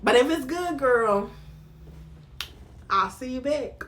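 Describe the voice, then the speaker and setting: A young woman with a Southern American accent, giving casual vlog commentary on reality TV in a lively, slangy way and talking straight to the viewer. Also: high-pitched, slow.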